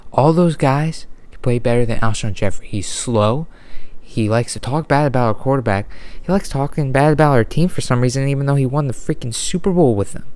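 A man delivering an unedited, exasperated sports rant with frequent sighs, deliberately holding his volume down. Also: mid-range voice, darkish tone, clear, resonant tone. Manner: exasperated, sighing, ranting. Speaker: sports fan vlogger.

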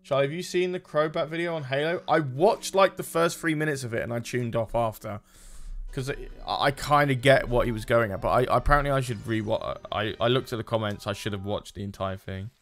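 A man's voice: mid-range voice, fairly quick, fairly bright tone. A man streaming a video game, giving casual commentary as he plays, muttering to himself and swearing at the game.

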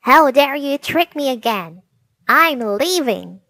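A woman voicing a small, quick-tempered male gnome who shouts indignantly in a storybook reading. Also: on the high side, no room sound. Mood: furious.

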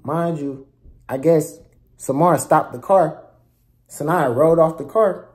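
A man's voice: on the high side, a little slow, a little mellow. A young man ranting through a story for his viewers, heated and slangy, with heavy profanity and frequent asides to the audience. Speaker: vlogger telling a story. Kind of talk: casual storytime rant.

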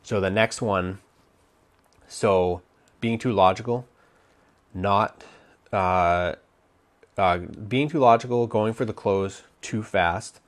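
A man's voice: lowish voice, takes it slowly, long pauses. A man coaching on dating, giving casual advice while thinking aloud, with many restarts and fillers. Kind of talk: casual instructional talk.

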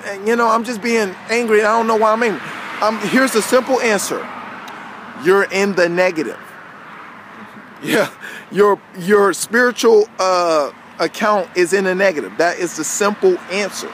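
A man with a fairly high voice preaches in an easy, conversational way, checking again and again that his listeners follow him. He sounds like he is talking to people rather than reading. Clear traffic noise from the street runs under the whole recording. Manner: conversational, peppered with "you know what I'm saying". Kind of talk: informal street-style sermon. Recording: outdoor traffic noise behind voice.

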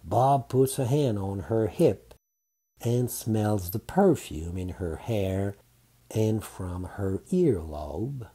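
A man narrating a romantic audiobook in a calm, unhurried reading. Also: medium pitch, breathy edge.

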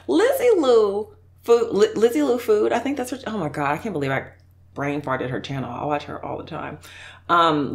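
Woman, YouTuber, casual reaction chat, effusive, lively swinging pitch, lowish voice. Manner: chatty, laughs often, effusive. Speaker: mukbang YouTuber reacting to clips.

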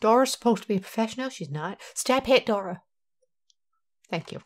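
A young woman giving loud, profane, self-mocking commentary while playing a game. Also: on the high side, animated, brisk. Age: young adult. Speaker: gaming video host. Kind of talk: profane let's-play commentary.

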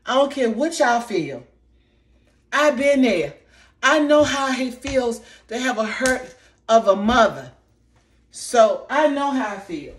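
A woman's voice: sing-song, slow, long pauses. Upset woman venting on camera. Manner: impassioned, repeating herself, voice dropping low and soft when recalling hurt. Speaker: vlogger. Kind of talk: emotional commentary vlog. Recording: faint background noise.

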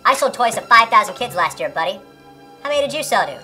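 A woman's voice: a little high, big pitch swings, quick pace, bright, forceful tone, soft background music. A woman playing a brash, bullying male sales boss. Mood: berating. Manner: berating, profane, swaggering. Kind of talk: amateur comedy parody acting.

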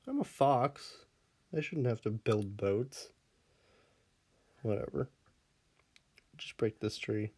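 Man, game commentary, slow unhurried talk, mellow dark voice, chuckles a lot, chides his pet dog. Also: lowish voice, slightly rough. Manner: laid-back, laughs often, scolds and coos at his pet dog. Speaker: Minecraft let's player. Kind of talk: casual gameplay commentary.

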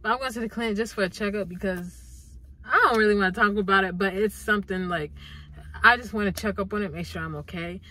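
A woman's voice: medium pitch, fast talker, bright, forceful tone, rough recording. A young adult woman talking casually and playfully to her viewers in a vlog, with lots of slang and swearing. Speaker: YouTuber.

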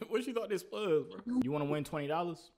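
Host for a chat-app prank show, man, quick lively teasing delivery, slightly higher voice. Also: crowd noise. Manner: teasing, trash-talking. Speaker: video host. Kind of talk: casual video-chat banter.

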